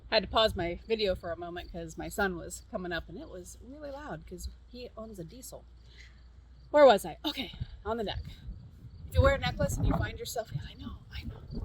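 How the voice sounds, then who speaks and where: A woman's voice: medium pitch, slight background noise, poor audio. A middle-aged woman, a counselor, casually demonstrating a tapping technique outdoors, chatty and repeating short cue phrases, with an easy laugh. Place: outdoors at a farm.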